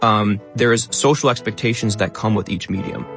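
A man speaking as a radio interview guest, talking quickly and stressing many words. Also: lowish voice, a bit bright, faint music behind. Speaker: guest, content creator.

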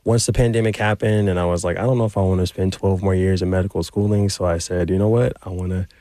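Deep-voiced young man, earnest. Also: fairly even intonation, fast, dark tone, no room sound. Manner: earnest, grateful, laughs easily. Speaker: singer, producer, guest. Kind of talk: radio interview. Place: radio studio.

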